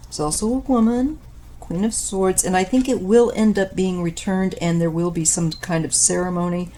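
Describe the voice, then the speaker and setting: Woman, 50s, tarot reader; low, dark, slow delivery with fillers, voice fading, faint background noise. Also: steady tone. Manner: unhurried, thoughtful, with frequent pauses and fillers. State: losing her voice. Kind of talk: casual tarot reading monologue.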